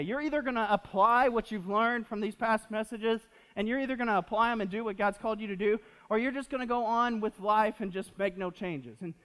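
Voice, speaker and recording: Young male pastor in a reverberant hall. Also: sits high. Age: 20s. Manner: animated, repeats himself with fillers, jokes with the audience. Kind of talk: sermon. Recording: long reverb of a church hall.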